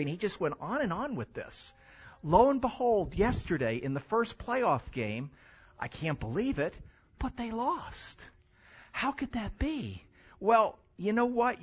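An older man preaching a sermon as a pastor, animated, with loud emphatic stretches and quiet asides. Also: high-pitched, lo-fi sound.

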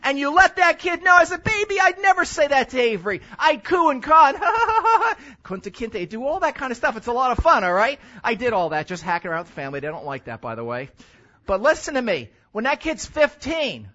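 High, bright-voiced older preacher. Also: male voice, quick pace, lo-fi sound. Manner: animated, shifts between loud emphasis and quiet asides. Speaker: pastor. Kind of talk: sermon.

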